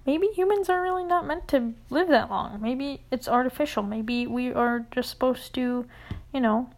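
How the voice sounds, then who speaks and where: A young woman with a fairly high voice tells a rambling casual story. She swears freely and fills every sentence with "like", and she keeps slipping into a hushed whisper. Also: moderate pace. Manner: rambling, profane, full of "like"; often drops to a whisper.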